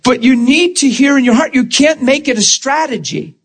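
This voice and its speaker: A man who is a Christian minister, telling stories in an animated chat, emphatic and often laughing as he talks. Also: extremely high pitch, moderate pace, husky.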